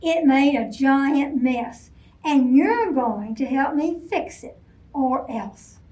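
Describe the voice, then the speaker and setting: A woman's voice: sits high, slow pace. A woman voicing a grumpy male bear who bellows and growls, reading a storybook aloud. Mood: bellowing. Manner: loud, gruff, bellowing. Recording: voice from a distance off mic.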